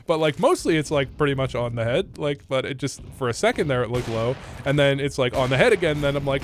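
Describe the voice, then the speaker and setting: A man's voice: fairly high pitch, expressive, brisk, a little hiss or hum. Chatty young man rambling over gameplay. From Canada. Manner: rambling, chatty, swearing, frequent fillers. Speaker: gaming content creator. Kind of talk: casual commentary over gameplay review. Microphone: desk microphone.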